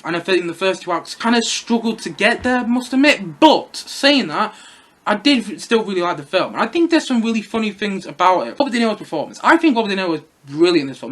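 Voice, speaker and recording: A man's voice: high-pitched, a bit bright. A man giving a casual, enthusiastic film review, rambling and repeating himself.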